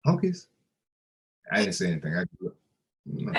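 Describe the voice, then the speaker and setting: Animated older man telling stories. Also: on the low side, quick pace, creaky, low-quality recording. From United States. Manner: animated storyteller who acts out quoted dialogue. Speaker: interview guest. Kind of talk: storytelling interview.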